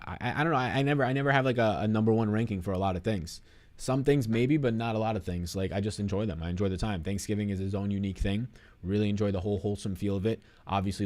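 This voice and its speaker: Man, young adult, live stream host, low-pitched, rapid rambling casual chat. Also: a little mellow. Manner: fast, rambling, swears casually, reads chat questions aloud.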